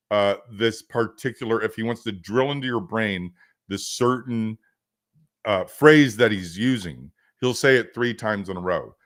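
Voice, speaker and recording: A man hosting a livestream coaching session, talking off the cuff. His voice sits at a middling pitch for a man, and he rambles casually with plenty of fillers, restarts and joking asides.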